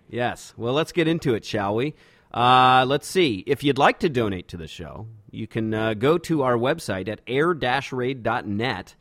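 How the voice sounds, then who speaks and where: A man's voice: mid-range voice, dry recording. Laid-back male podcast host, dry sound. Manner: relaxed, filler-heavy, says "man" a lot. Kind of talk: casual podcast chat reading listener emails. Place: home studio in a backyard.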